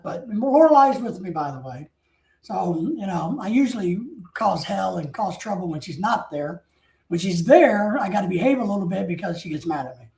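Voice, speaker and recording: A man's voice: extremely high pitch, dark tone. A man telling stories in a rambling, casual way, drifting off topic and breaking into mock outrage. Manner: talkative, wanders off topic. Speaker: streamer. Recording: roomy echo.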